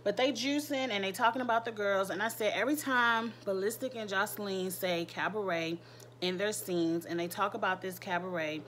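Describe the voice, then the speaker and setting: A woman's voice: medium pitch, normal speed, a bit bright, slight background noise. A woman giving a casual, candid recap of a reality show, speaking in with crude slang and laughing asides.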